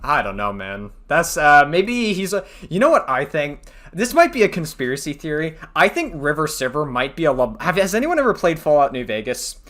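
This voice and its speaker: Bright-voiced, profane male commentator. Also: a little high, big pitch swings, brisk. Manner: profane, rambling, laughs at his own jokes. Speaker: drama commentary host. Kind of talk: casual commentary.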